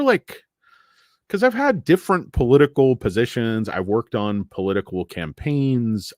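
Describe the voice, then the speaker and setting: A man with a lowish voice hosts a stock market show, ranting casually on a livestream with blunt, profane opinions and filler-laden asides. The sound is clean studio quality with no room sound.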